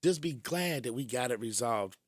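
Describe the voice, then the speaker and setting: A man hosting a radio show, telling stories in an animated way and chuckling as he talks. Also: medium pitch, normal speed, no echo, clean studio sound. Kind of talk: casual radio storytelling.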